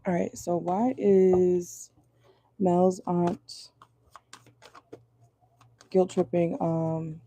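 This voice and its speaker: Hoarse lady doing a casual tarot stream, voice almost gone, really dark and gravelly. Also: on the low side, little pitch movement, extremely slow, long pauses, a little hiss or hum. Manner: chatty, reads viewer comments aloud. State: hoarse, voice going out. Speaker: tarot reader. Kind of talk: casual live tarot reading. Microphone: phone or laptop in a car.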